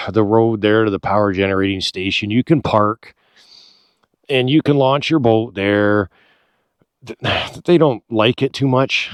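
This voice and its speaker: Excitable man vlogging outdoors. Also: lowish voice, no echo. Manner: excitable, swears casually, rambling. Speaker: ATV trail vlogger. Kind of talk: casual outdoor vlog commentary. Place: outdoors on an ATV trail by a lake.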